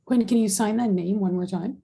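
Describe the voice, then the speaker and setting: Brief: female teacher, dark gravelly voice, patient step-by-step explanations, video call. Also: mid-range voice, brisk, rough recording. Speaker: sign language teacher. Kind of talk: online class instruction.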